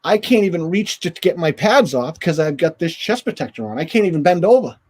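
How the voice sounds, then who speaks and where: A man's voice: on the high side, sing-song, brisk, a little mellow. A man, a former hockey goaltender, telling a long story casually as an interview guest and acting out the voices of the people in it. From northern United States.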